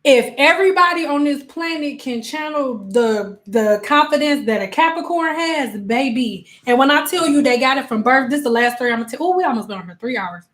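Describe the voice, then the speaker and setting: A woman hosting a casual livestream as a spiritual coach, telling animated stories full of slang and acted-out quotes. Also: sits high, brisk, few pauses. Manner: emphatic repetitions.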